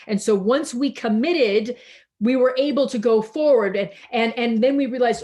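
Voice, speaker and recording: A woman minister preaching slowly and reflectively over a video call, pausing and restarting often, tired as she speaks. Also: on the high side, a little mellow. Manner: slow, reflective, with many restarts and pauses.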